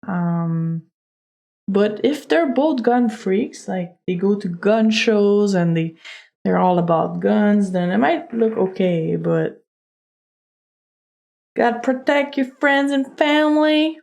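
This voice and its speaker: A woman's voice: medium pitch, slow pace, creaky, dark tone. A woman streamer giving casual, chatty commentary while playing a game, joking and laughing often. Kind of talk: casual let's-play commentary.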